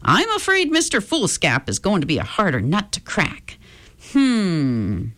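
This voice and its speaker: A woman voicing a freckled magical helper, speaking calmly and reassuringly. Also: medium pitch, a little slow. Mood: knowing. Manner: calm, reassuring, knowing. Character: freckled magical helper who pops in and out, calm and confident.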